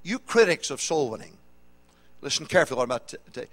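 A middle-aged man preaches to his congregation in an energetic, humorous style. His voice sits high and swings widely in pitch. He keeps throwing questions back to the pews. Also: fast. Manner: animated, humorous, call-and-response preaching. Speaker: pastor. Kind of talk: sermon. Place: church auditorium.

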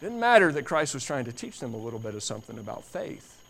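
A man preaching a sermon in an emphatic way, repeating phrases for stress and swinging from quiet to loud. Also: medium pitch, sing-song, quick pace, gravelly. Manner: builds from quiet to loud, dramatic.

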